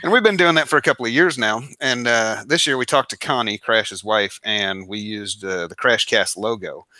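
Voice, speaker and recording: A man's voice: lowish voice, moderate pace, sharp tone, no room sound. A man co-hosting a casual hobby chat, explaining things in an easygoing, plain way. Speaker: co-host.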